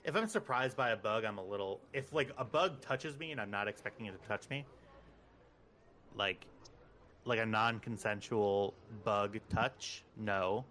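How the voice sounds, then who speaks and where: A man acting as game master, chatting casually and telling rambling, animated stories before narrating the game. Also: a little slow, a little hiss or hum. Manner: animated rambling storyteller, squeaky high voice for quotes.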